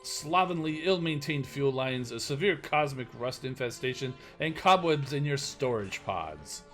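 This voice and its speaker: A man's voice: medium pitch, lively intonation, measured pace, fairly bright tone, faint music behind. A man voicing a pedantic, officious male robot medic in a put-on semi-British accent, reading the part aloud. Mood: prim scolding. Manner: officious, scolding.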